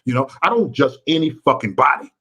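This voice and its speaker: A man's voice: mid-range voice, expressive, a little fast, fairly bright tone, breathy edge. A man from Chicago ranting bluntly and profanely on a vlog livestream, preachy and repetitive, talking to his chat viewers. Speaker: vlogger and livestream host.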